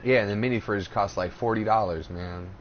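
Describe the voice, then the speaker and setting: Brief: male podcast host, animated storyteller, swears freely, dull lo-fi recording with faint hiss. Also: on the low side, brisk. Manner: animated storytelling, profane, acts out quotes. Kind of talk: casual chat. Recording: dull lo-fi audio, faint noise.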